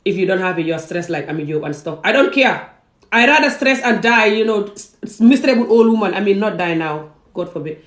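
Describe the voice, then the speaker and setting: A woman's voice: mid-range voice, lively intonation, a little fast. Impassioned woman from West Africa. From Gambia and Senegal. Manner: emphatic, repeats words for stress. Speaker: vlogger. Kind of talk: impassioned personal monologue. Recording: roomy echo.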